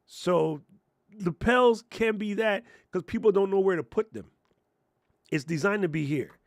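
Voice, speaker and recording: Male streamer, slightly high voice, dry close sound, sarcastic rant, casual tips. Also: a little slow, dry recording. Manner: ranting, sarcastic, jokey, puts on mocking voices; laid-back and muttering while working the computer. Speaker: content creator giving tech tips. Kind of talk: casual livestream tutorial. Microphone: lapel mic on chest.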